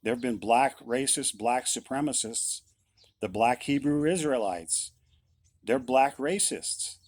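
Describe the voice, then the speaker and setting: A man's voice: medium pitch, measured pace, darkish tone, dry recording. A middle-aged man, a musician, giving a blunt, insistent opinion monologue and repeating his points.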